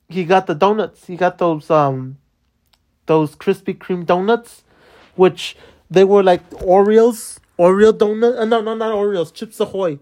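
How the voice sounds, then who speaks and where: An exasperated podcaster vents in a loose, rambling monologue, peppered with curses and restarts, at a mid-range pitch that sits neither high nor low. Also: darkish tone. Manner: profane and rambling, many restarts and fillers; exasperated complaining. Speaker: podcast host. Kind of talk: casual venting monologue.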